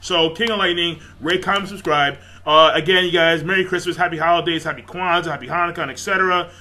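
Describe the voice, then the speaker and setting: A man talks through an anime episode in a loose, rambling recap, swearing freely and piling on fillers. His voice sits a little high and has a bright, forceful edge. He sounds excitable and casual throughout. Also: fast.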